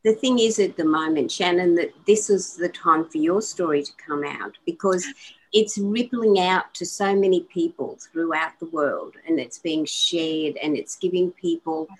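A woman co-host speaks in a lowish voice. She is earnest and affirming with her guest, and she reads a short passage aloud. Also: normal speed, poor audio. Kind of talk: interview talk.

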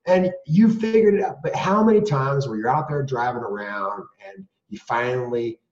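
A man's voice: mid-range voice, normal speed. Man telling his story in a roomy, lo-fi recording. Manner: earnest and animated, many restarts and rhetorical questions. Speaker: guest. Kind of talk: candid storytelling. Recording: roomy, dull lo-fi sound.

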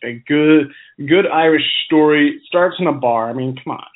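A man co-hosting a podcast, telling a folk tale in a relaxed, chatty way with frequent restarts. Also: on the high side, normal speed. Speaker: podcast co-host. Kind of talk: casual storytelling chat. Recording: phone-like narrow sound.

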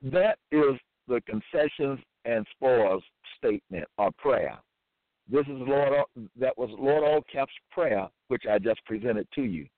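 A man preaching alone, reading scripture verses aloud in a slow, formal, deliberate cadence. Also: mid-range voice, expressive, no room sound. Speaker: self-styled religious preacher. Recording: tinny phone-like dry audio.

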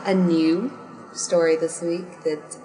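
A woman's voice: lowish voice, fairly even intonation, slow pace, low-quality recording. Upbeat woman opening a podcast. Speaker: podcast co-host. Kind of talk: podcast introduction. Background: intro music.

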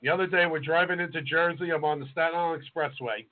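A man's voice: a little high, fairly even intonation, quick pace. A man, co-hosting a casual podcast and telling stories in a chatty way that often trails off mid-sentence. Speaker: podcast co-host and chef. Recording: tinny phone-like audio.

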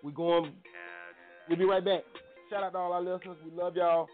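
A man's voice: high-pitched, little pitch movement, brisk, faint music behind. A man hosting a casual morning show, laid-back and slangy. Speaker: radio show host. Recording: tinny phone-like audio.

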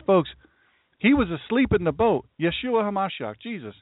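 A man's voice: high-pitched, sing-song, normal speed, no echo. A man preaching a sermon as a pastor, stressing his warnings and reading scripture aloud. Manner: emphatic, repeats warnings and scripture. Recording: tinny phone-like dry sound.

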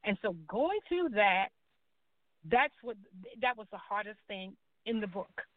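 A woman's voice: mid-range voice, very animated, measured pace, dry recording. Woman guest, earnest storyteller voicing her quoted dialogue, thin phone-like sound, dry. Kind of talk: personal testimony in a talk show. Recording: tinny phone-like line, dry.

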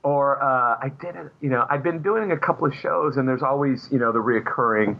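A man's voice: mid-range voice, brisk, highs cut off. A man who is a comic book artist, a guest chatting casually and rambling with many fillers. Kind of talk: casual chat.

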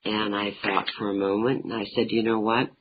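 A woman's voice: rumbling low, level tone, brisk, dull audio, a little hiss or hum. A middle-aged woman, an author being interviewed, telling humorous family anecdotes. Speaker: author and talk show guest. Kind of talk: interview storytelling.

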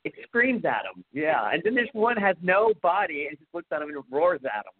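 A man's voice: a little high, sing-song, normal speed, slightly rough. A man co-hosting a horror movie podcast, recapping scenes in a chatty, joking way and acting out bits of dialogue. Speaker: podcast co-host. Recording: tinny phone-like sound.

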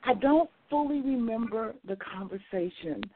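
Radio talk host, woman, expressive storyteller, slightly high, tinny phone-band sound. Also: normal speed. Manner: expressive, animated storytelling with emphatic repetition.

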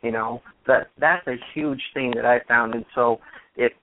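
A man's voice: medium pitch, steady tone, normal speed. Earnest male consultant on a phone line. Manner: earnest, advice-giving. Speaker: business consultant. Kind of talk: casual panel talk. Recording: tinny phone line with faint noise.

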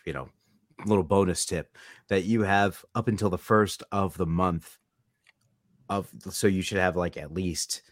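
Lowish guy hosting a podcast, jokey and rambling, dry close mic. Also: fairly even intonation, measured pace, no echo. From California. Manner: jokey, rambling, asks the guests questions. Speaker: podcast host. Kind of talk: casual podcast chat.

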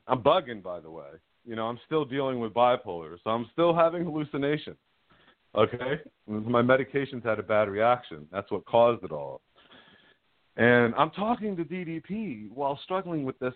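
A middle-aged man phones in as a guest and tells a personal story frankly, rambling and laughing at himself. His medium-pitched voice is sing-song at a normal speed, coming through a tinny, dry phone line.

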